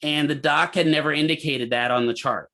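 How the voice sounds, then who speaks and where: A man teaching a physical therapy class, telling a hospital story in a lively way and asking students questions. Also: fairly high pitch, a little fast, gravelly. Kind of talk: lecture with a clinical story.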